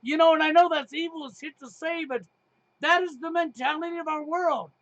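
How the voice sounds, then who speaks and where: Very high-voiced emphatic man, dry sound. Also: fairly even intonation, brisk, fairly bright tone, no room sound, highs cut off. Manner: emphatic, profane, sarcastic. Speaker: podcast host. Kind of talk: heated casual talk show chat.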